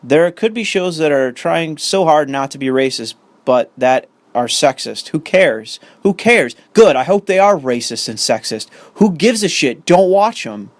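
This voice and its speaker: A man's voice: on the high side, expressive, measured pace, few pauses, no room sound. A young man ranting in commentary, profane and sarcastic, reading an article aloud and arguing with it. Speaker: commentary host.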